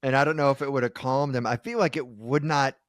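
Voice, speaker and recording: A man's voice: mid-range voice, steady tone, quick pace, no echo. A man with a mid-range voice co-hosting a comedy podcast. He trades wry, playful banter in casual chat. His sound is dry and close. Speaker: podcast co-host.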